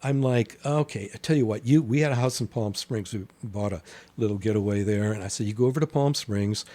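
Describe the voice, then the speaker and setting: Animated storytelling man with a low voice. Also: a little fast. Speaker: guest. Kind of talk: casual storytelling conversation.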